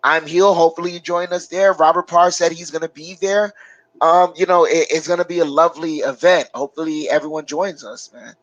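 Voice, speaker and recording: A man co-hosting a loose live-stream sports talk, his voice sitting on the higher side. He rambles and hesitates, filling gaps as he thinks. The sound is dry and close, with no room echo. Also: steady tone, dull audio. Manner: rambling, halting with many fillers. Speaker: co-host.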